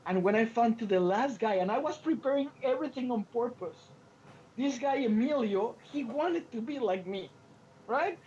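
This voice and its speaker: A man co-hosting a podcast, telling stories in an animated way and acting out the quotes, with frequent restarts. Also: very high voice, normal speed, slight background noise. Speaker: podcast co-host. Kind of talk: casual podcast chat. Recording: lo-fi podcast audio.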